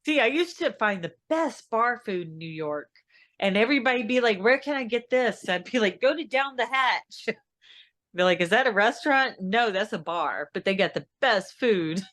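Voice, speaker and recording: A woman's voice: a little high, expressive, normal speed, fairly bright tone. A woman, an actress and singer, guesting on a podcast and chatting casually, laughing easily as she tells anecdotes full of quoted dialogue. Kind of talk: casual interview chat.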